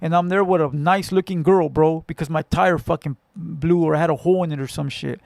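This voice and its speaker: A man's voice: a little high, fairly even intonation, a little fast, vocal fry, darkish tone, dry recording. A man from Southern California hosting a casual livestream, telling stories bluntly with lots of profanity and street slang. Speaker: livestream host. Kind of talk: casual livestream chat with viewers.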